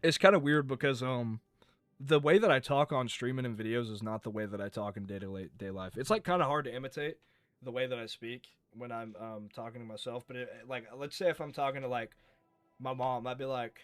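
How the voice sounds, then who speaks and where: A young man from North Carolina talks loosely on a live stream, wandering off track, cursing and poking fun at himself. His voice sits at an everyday middle pitch, with soft music playing underneath. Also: fairly quick, no echo. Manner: rambling, swearing, self-mocking. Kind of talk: casual live-stream chat.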